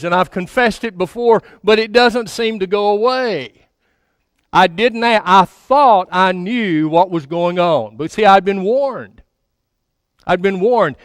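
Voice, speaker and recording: A man's voice: sits high, a bit bright, clean tone, dry recording. A man in his sixties giving a sermon as a pastor, telling a story in a folksy, self-mocking way, often stammering and repeating words. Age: 60s.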